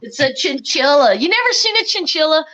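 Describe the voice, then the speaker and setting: A middle-aged woman telling stories in a teasing, animated way and laughing often. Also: sits high, brisk, dull audio. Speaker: guest. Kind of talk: casual storytelling chat.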